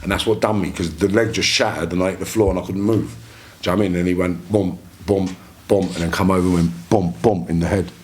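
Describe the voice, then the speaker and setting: A man's voice: sits low, steady tone, fast, slight background noise. A man, a podcast guest telling long casual stories in coarse street slang, with many restarts. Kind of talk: casual storytelling.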